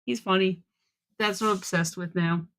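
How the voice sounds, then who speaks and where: A woman's voice: on the low side, steady tone, normal speed, a bit bright. A woman co-hosting a podcast in casual chat, telling stories in a gushing, giggly way. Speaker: podcast co-host.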